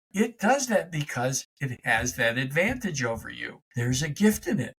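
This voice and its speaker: A middle-aged man giving an energetic, emphatic motivational talk as a life coach, speaking straight to his listeners in a conversational way. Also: a little high, slightly rough. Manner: energetic, emphatic, conversational, talks to his dog mid-show. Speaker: life coach and podcast host. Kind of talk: motivational direct-to-camera talk.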